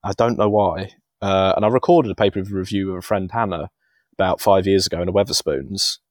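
A man in his thirties chats loosely on a podcast, wandering through his thoughts and laughing at himself. His voice sits low, and it is recorded dry and close with no room sound. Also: brisk, darkish tone, dry recording. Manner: rambling, chuckling, self-deprecating. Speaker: podcast co-host. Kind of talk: casual podcast chat.

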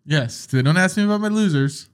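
A man's voice: high voice, lively intonation, fairly quick. A man hosting a podcast, in casual chat, rambling and joking as he tells stories. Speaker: podcast host.

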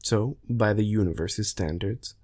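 A man narrating a science fiction story in a measured, plain way. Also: fairly low pitch, darkish tone. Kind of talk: storytelling reading.

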